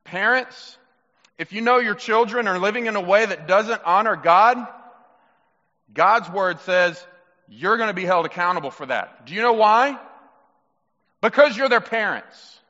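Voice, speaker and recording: A male pastor preaching a sermon in an animated, emphatic, conversational way. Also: high-pitched, a little slow, pauses often, in a large hall, highs cut off.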